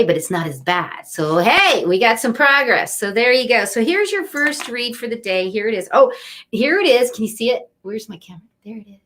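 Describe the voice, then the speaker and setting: A woman's voice: medium pitch, fairly bright tone. A middle-aged woman giving an inspirational card reading on a webcam live stream, chatty and upbeat, speaking straight to her viewers. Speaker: angel card reader.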